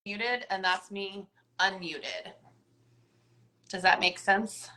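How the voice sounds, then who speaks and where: Bright chatty woman hosting a wellness talk. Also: medium pitch, steady tone, slow pace, reverberant, rough recording. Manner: chatty, upbeat, lots of "like" and "right?". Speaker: host. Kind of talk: casual wellness chat. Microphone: video call.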